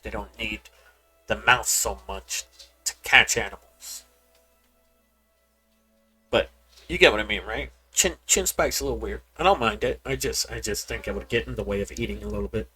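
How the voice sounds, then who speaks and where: Speaking at a normal pace with frequent pauses, a man with a fairly low, breathy voice streams a game, rambling casually, repeating himself and talking straight to his audience. Soft music plays while people yell in the background.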